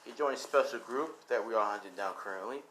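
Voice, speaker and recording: A man's voice: on the low side, fast, a bit bright, slight background noise, rough recording. Young man rambling through a fan story. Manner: rambling, repeats 'and he's like'. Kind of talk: improvised fan-fiction storytelling.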